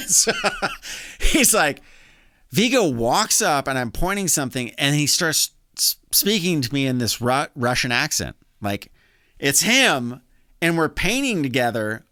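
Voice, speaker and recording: Lively, animated man telling a story. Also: fairly high pitch, a little slow, dry recording. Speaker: guitar teacher and guest. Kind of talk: casual chat.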